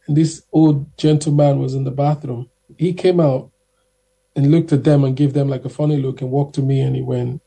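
Gravelly, dark-voiced young man. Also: medium pitch, moderate pace. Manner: animated, acts out quotes. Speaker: guest singer. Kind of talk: casual storytelling.

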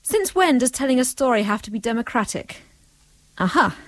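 A woman's voice: a little high, big pitch swings, normal speed, fairly bright tone, dry recording. A woman, narrating a comic story and bossing her characters around, sounding exasperated. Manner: bossy, exasperated.

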